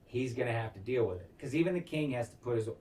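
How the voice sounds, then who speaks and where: Casual co-host, male, animated, swears freely, a bit distant from the mic. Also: medium pitch, fast. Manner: animated, swears a lot, acts out lines. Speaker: podcast co-host. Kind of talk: casual recap chat.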